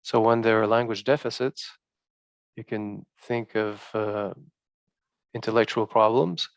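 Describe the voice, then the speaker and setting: Guy presenting research findings, gravelly voice, stops and restarts a lot, dry sound. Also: fairly low pitch, steady tone, dry recording. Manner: halting, many fillers and restarts.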